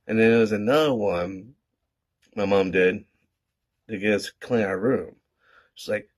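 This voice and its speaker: A man's voice: on the low side, unhurried, long pauses. A man in his thirties from Iowa, telling childhood stories in a rambling, casual way with some swearing. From Iowa, USA. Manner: rambling, swears casually, drifts soft and quiet. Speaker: vlogger. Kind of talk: casual storytelling monologue.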